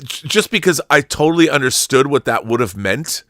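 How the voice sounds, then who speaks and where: With a medium-pitched, expressive voice that's pushed and bright, this middle-aged channel host talks at a normal speed. The studio-quality recording has no room sound as he rambles through emotional stories in a casual chat, frequently starting over.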